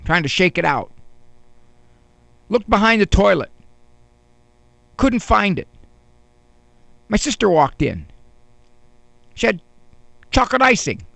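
A man telling a wry, deadpan story in a monologue, with dramatic pauses, as a counselor. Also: sits high, vocal fry, no room sound. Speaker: counselor and speaker.

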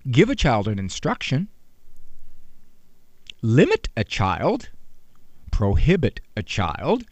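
Radio talk host, middle-aged man, bouncy high voice, dry close studio sound. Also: wildly swooping pitch, takes it slowly, dry recording. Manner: conversational, teasing, acts out quotes. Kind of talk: animated radio monologue.

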